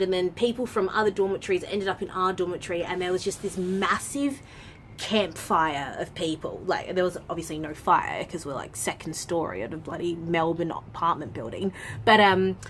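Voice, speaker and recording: A young woman tells a story to her vlog camera in a loose, chatty way, sprinkled with "like" and casual swearing. Her voice sits a little low for a woman. A faint hum of room noise lingers behind her. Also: fairly bright tone. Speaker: vlogger.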